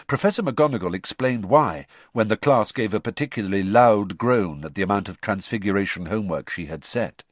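A man narrating an audiobook in an expressive storytelling manner. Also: on the low side, brisk, hardly any pauses, no room sound. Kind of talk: scripted narration.

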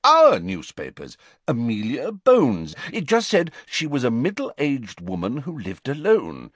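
Sharp, sarcastic prime minister, angry and raised, read by a male narrator. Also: medium pitch, huge pitch swings, unhurried, no echo, voice pushed up. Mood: uneasy. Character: irritable middle-aged male prime minister. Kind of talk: audiobook character voice.

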